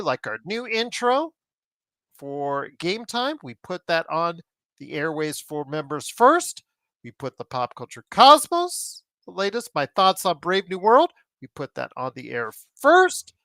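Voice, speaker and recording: A man hosts a sports podcast, rambling chattily between plugs and opinions. His pitch swings widely as he talks, and the sound is dry and close. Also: gravelly, a bit bright, no room sound. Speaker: podcast host. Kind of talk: casual sports podcast talk.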